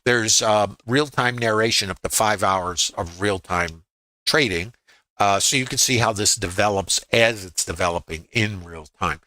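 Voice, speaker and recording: A man's voice: fairly low pitch, a little slow, bright, forceful tone. A man teaching futures trading on a live stream, conversational and full of rhetorical questions, with some dry humor. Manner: conversational with frequent fillers and restarts. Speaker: trading educator.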